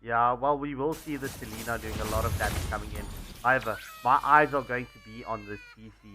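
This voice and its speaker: A man co-commentating an esports match, calmly reading out the schedule and calling fights. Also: mid-range voice, over music. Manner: measured, announces schedule, rises in teamfights. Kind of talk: live game commentary.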